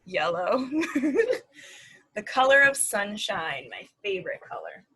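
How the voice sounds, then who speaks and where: A woman's voice: mid-range voice, unhurried, slightly rough, low-quality recording. Sing-song woman reading to preschoolers. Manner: animated, sing-song storytelling with animal sounds. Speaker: speech-language pathologist. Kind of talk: reading a picture book aloud to preschoolers. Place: at home.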